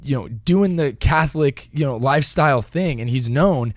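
Male co-host, mid-pitched, earnest and rambling, dry studio sound. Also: animated, moderate pace, dry recording. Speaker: podcast co-host. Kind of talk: casual podcast chat.

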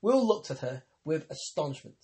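A man narrating a novel in a measured, steady reading voice. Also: on the high side. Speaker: audiobook narrator.

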